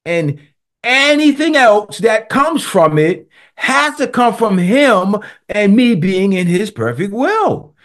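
Man in his 60s, preacher, emphatic and repetitive, high voice, swooping animated pitch. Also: takes it slowly. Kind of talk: devotional talk.

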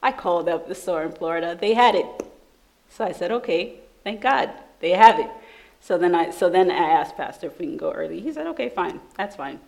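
A woman from New York telling a lively personal testimony in church, laughing often as she speaks. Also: lowish voice, fairly quick, vocal fry, low-quality recording. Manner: animated storytelling, laughing often. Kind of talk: sermon testimony.

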